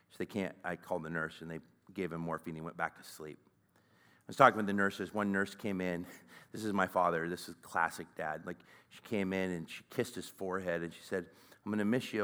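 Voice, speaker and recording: Man in his 40s, low smooth voice, conversational conference speaker with a halting delivery. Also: a bit bright. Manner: conversational, halting, with frequent fillers. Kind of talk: personal storytelling talk.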